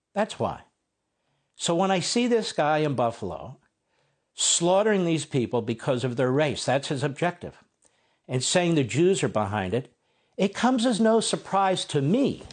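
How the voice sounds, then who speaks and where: Man in his sixties, TV host, opinion monologue, emphatic, animated pitch. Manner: emphatic, rhetorical questions.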